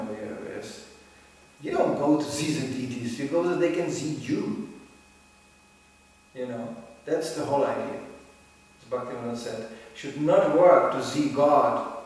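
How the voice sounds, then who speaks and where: A man telling lively stories in a talk, acting out voices and laughing often. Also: medium pitch. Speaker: speaker at a religious gathering. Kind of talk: storytelling talk. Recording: echoey hall, voice from far off.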